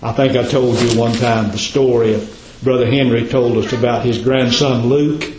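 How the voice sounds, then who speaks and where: A man preaching a sermon as a pastor, repeating his points and dropping to a low, hushed voice for emphasis. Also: fairly even intonation, moderate pace, slight background noise. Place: church. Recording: echoey, dull church recording.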